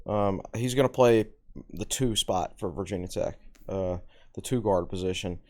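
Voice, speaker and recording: Low-voiced, blunt man talking sports. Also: moderate pace, a little mellow. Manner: opinionated, blunt, frank. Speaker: podcast co-host, sports analyst. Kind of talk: casual sports chat.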